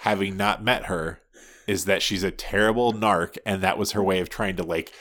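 A man's voice: deep voice, fairly even intonation, moderate pace, a bit bright. A man co-hosting a podcast in casual chat, giving dry, brief asides. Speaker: podcast co-host.

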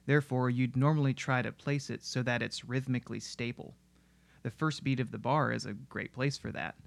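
A man's voice: medium pitch, normal speed, creaky, dry recording. Man narrating a music analysis. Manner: analytical, steady explainer. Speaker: music video essayist. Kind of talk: scripted narration explaining music.

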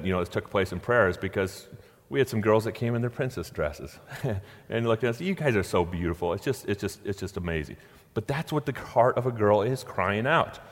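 Middle-aged guy preaching, chatty, acts out little quotes, lots of hall echo. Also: fairly low pitch. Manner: conversational, with playful acted-out quotes. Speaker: pastor. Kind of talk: sermon. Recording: long hall reverb.

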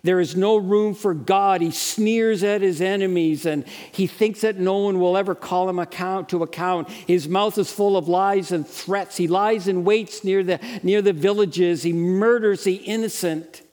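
A man's voice: high-pitched, fairly even intonation, a little slow, few pauses, a little mellow, in a large hall. A man preaching a sermon at a Bible college in an earnest, lecturing tone that rises into passionate pleading.

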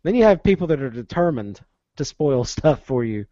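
Lo-fi animated American East Coast man. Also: medium pitch, moderate pace, no room sound. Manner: animated storyteller, acts out quotes. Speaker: podcast co-host. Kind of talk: casual chat. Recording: dull, lo-fi dry sound.

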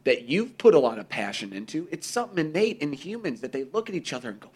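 A man's voice: on the high side, fast talker, hardly any pauses, husky. A man in casual podcast conversation, swearing freely and acting out other people's voices as he talks. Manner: profane, animated, acts out quoted voices. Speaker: podcast co-host.

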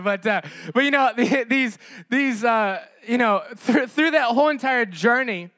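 A man delivering a sermon as pastor, his voice sitting high for a man. He builds through repeated rhetorical questions and phrases, with plenty of fillers along the way. The sound is dry, with no room echo. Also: unhurried, bright, forceful tone. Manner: impassioned, rhetorical repetition with frequent fillers.

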